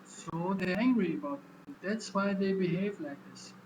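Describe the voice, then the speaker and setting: High-voiced man talking haltingly over noise. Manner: halting, repeats words while explaining. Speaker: vlogger. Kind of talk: casual monologue.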